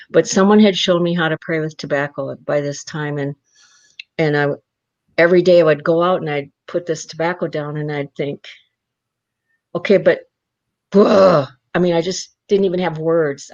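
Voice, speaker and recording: A woman's voice: low-pitched, muffled recording. A woman guest in an interview, telling a personal story with strong feeling and acting out her own past words.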